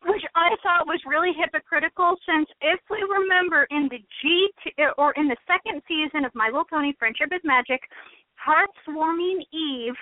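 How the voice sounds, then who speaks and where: A woman's voice: high-pitched, moderate pace, dry recording. A woman co-hosting a casual chat show, opinionated and laughing often. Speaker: podcast co-host. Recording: tinny phone-line call, dry.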